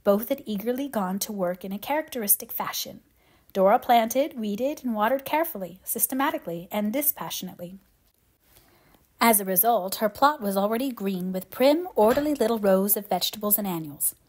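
A woman reading a classic novel aloud in an even, measured storytelling voice. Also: medium pitch. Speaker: audiobook reader.

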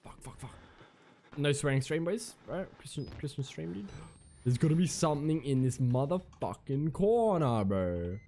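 A man's voice: fairly high pitch, sing-song, normal speed, warm tone, slight background noise. A man playing a horror game, swearing constantly and breaking into panicked yelps and nervous laughter. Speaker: gamer.

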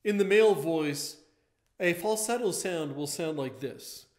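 A man's voice: a little high, lively intonation, unhurried. A man teaching a vocal lesson, explaining step by step as he points to a diagram.

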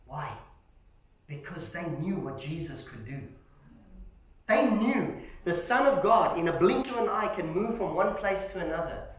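A man preaching a sermon in a church, telling stories with animated shouts, calling the congregation "family" and asking "Amen?". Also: high voice, a little slow. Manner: animated storytelling, acting out shouts. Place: church hall. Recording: echoey church hall.

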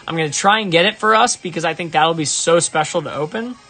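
A man chatting casually on a live stream while opening trading cards, excitable and prone to high exasperated yelps. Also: fast talker. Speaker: live-stream card opener.

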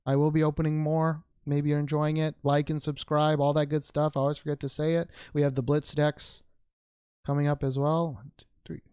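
A man's voice: fairly high pitch, little pitch movement, brisk, darkish tone, clean tone, dry recording. A man hosting a trading card unboxing video, talking casually as he opens packs, rambling and joking with playful made-up words.

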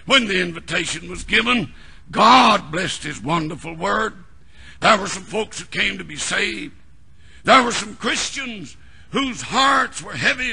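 An older American pastor delivers an old-time sermon. His voice is raspy and gravelly, pitched high, and very bright and piercing. He drags out key words and breaks into shouts at the peaks. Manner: old-time preaching with shouted climaxes and long drawn-out words.

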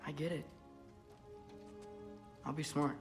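A man's voice: a little high, flat delivery, slow, breathy edge, soft background music, exaggerated voice. An actor playing an earnest, headstrong teenage boy in a video game, speaking with determination. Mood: determined.

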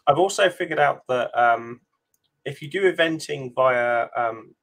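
A man with a British accent joins a casual coding chat. He asks wry, doubting questions and then talks through technical ideas at length in an even, mid-pitched voice. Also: unhurried. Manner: dry, questioning, explains at length. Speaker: co-host developer.

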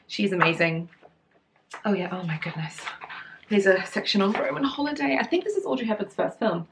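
A woman's voice: medium pitch, lively intonation, fairly quick, gravelly, noisy background. A young woman hosting a sewing channel, chatting casually and gushing with enthusiasm, with lots of fillers and restarts. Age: young adult. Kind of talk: casual chat.

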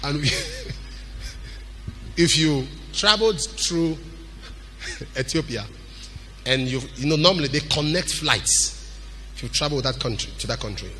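A man preaching a sermon as a pastor, animated, with sudden shouts and a sing-song cadence. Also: fairly high pitch, takes it slowly, pauses often, soft background music.

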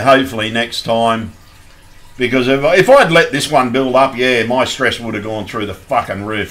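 A man ranting angrily in a vlog, yelling and swearing heavily, then calming down to apologize and sign off. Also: mid-range voice. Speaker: YouTuber. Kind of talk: angry vlog rant.

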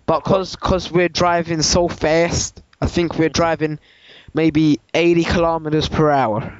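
A man's voice: fairly high pitch, flat delivery, clean tone, close to an everyday voice. A man putting on a rambling hillbilly caller. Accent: put-on Southern US. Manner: rambling, halting, many restarts. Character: hillbilly man posing as truck owner. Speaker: prank caller. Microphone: phone line. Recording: dull lo-fi prank call recording.

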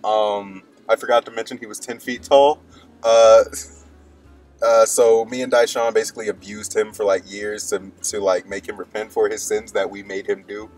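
A man's voice: on the low side, level tone, moderate pace, a little mellow, faint music behind, low-quality recording. A young man co-hosting a podcast, rambling through stories casually, laughing often and acting out quoted lines. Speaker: podcast co-host. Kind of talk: casual chat.

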